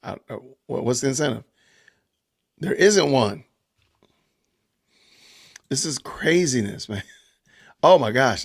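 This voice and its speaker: A man hosting a casual live stream, animated and laughing often as he reads viewer comments aloud. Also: medium pitch, takes it slowly, creaky, pauses often. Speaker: podcast host reading live chat.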